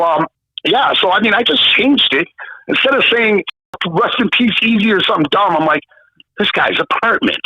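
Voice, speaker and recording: A man's voice: sits high, husky, no echo. A man of about fifty from Canada, telling a story in a casual interview, swearing freely and acting out the people in it. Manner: swearing, animated, acts out the people in his story. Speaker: guest. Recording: dull lo-fi sound.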